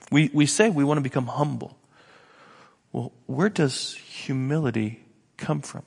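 A pastor preaching a sermon with an animated, sarcastic delivery, often repeating words as he builds his points. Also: medium pitch, vocal fry, husky, long reverb tail.

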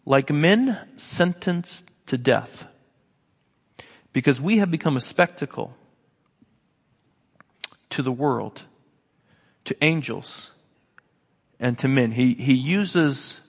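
A pastor preaching a sermon with an animated, sarcastic delivery, often repeating words as he builds his points. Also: mid-range voice, slow pace, pauses often, slightly rough, big-room sound.

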